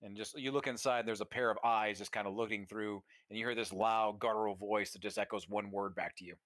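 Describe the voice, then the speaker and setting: Low-voiced man narrating as game master. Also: fairly even intonation, fairly quick, fairly bright tone, no room sound, studio quality. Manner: vivid, descriptive, with casual fillers.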